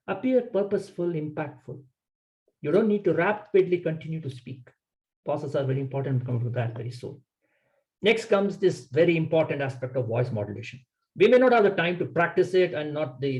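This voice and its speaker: A man's voice: a little high, darkish tone, rough recording. A man giving a public speaking workshop lecture, emphatic and coaching, in short instructive sentences.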